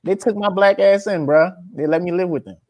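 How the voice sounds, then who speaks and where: Speaking fairly quickly, a young man with a Louisiana accent answers interview questions in a high-pitched voice with a darkish tone. He's an aspiring rapper, casual and drawling, who keeps saying "man" and "brother". No echo is present.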